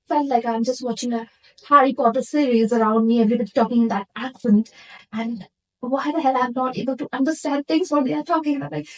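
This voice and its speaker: An Indian woman who works as a nurse interviews a guest in a casual chat, earnestly reflecting on her own experiences. Her voice is a little high and a little mellow, captured in a low-quality recording.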